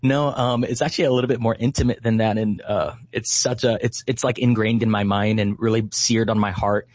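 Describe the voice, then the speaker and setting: A man's voice: lowish voice, fairly even intonation, brisk, darkish tone, no echo. A man in his thirties from Hawaii, a guest in an interview, telling a story earnestly and passionately with lots of fillers. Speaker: guest, Christian activist.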